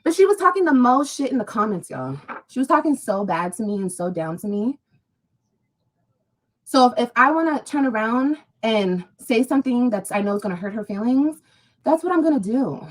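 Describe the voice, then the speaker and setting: Lively, high-voiced woman ranting on a livestream. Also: normal speed, poor audio. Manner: confrontational, profane and mocking; addresses viewers directly.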